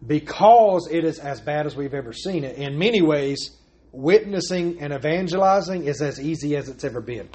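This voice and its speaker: A man's voice: fairly high pitch, animated, moderate pace, darkish tone. A man preaching a sermon as pastor, pressing his points with repeated rhetorical questions.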